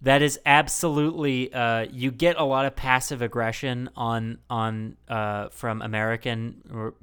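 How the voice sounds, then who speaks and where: A man's voice: medium pitch, fairly even intonation, measured pace, fairly bright tone, clean tone. A man hosting a podcast, telling rambling jokey stories with lots of fillers. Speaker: podcast host. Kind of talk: casual podcast chat.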